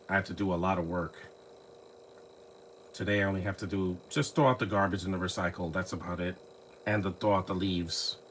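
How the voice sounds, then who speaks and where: A fairly low-voiced man talks loosely over a movie, circling back on his words and filling gaps with fillers. He records on a phone at home, with a faint hiss underneath. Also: a bit bright. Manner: rambling, frequent restarts and fillers. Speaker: live movie commentary host. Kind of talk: casual rambling commentary. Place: home, lives near trees.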